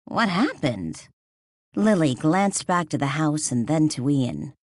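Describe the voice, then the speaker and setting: A woman narrating an audiobook with expressive storytelling. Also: low-pitched, unhurried, no echo, clean studio sound. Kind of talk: scripted narration.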